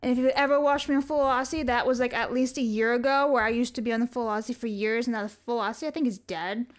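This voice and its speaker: A woman with a high voice talks through a casual live stream. She rambles loosely, swears freely and reads viewer messages aloud between tangents. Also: steady tone, quick pace. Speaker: livestreamer.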